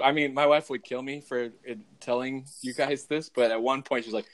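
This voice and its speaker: A man in his thirties co-hosting a casual podcast chat, telling family stories in an animated way. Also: normal speed, few pauses. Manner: animated storyteller, quotes family with high excited voices. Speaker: podcast co-host.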